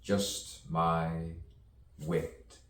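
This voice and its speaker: A man with an extremely deep voice delivers a spoken-word monologue slowly, leaning on rhythm, repetition and wordplay. He sounds set back from the mic in an echoey room. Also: little pitch movement, far from the mic.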